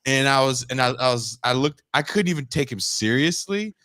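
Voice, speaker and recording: A man telling a long story on a casual podcast, his pitch swinging widely as he jumps into other people's voices. The sound is close and dry. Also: moderate pace, dry recording. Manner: animated, acts out quotes in raised voices. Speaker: podcast co-host.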